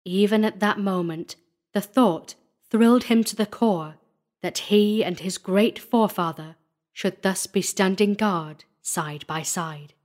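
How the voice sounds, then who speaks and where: A woman narrating a gothic horror story as a dramatic audiobook reading, measured and building tension. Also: medium pitch, darkish tone.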